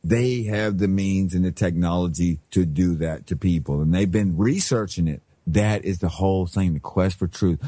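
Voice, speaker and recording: A middle-aged man hosting a talk radio show, ranting in a slangy, animated way. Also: low-pitched, normal speed, hardly any pauses, no echo, clean studio sound. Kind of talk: heated talk-radio rant.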